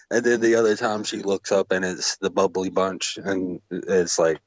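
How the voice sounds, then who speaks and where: A man co-hosting a wrestling review podcast, laid-back and quick to swear and laugh in casual chat. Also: low voice, a bit bright, no room sound. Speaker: podcast co-host. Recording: dull lo-fi mic.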